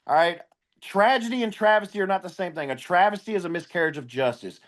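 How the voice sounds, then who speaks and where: A man with a somewhat high-pitched voice speaks bluntly and emphatically, swearing freely. He talks as a comedian guest in an interview. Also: expressive, fast, fairly bright tone. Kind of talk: candid interview storytelling.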